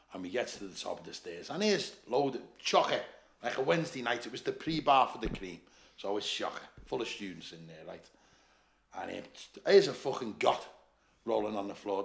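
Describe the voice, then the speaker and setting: Gravelly Liverpool man telling door stories. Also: mid-range voice, echoey room. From Liverpool, England. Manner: swearing, animated, laughing while telling stories. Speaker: podcast guest, former doorman. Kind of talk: casual storytelling chat.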